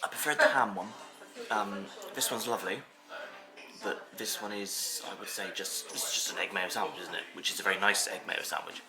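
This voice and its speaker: A man's voice: lowish voice, fairly even intonation, a little fast, a crowd in the background. A man vlogging over afternoon tea in a hotel dining room, chatting and rambling enthusiastically about the food. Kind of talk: casual chat reviewing food.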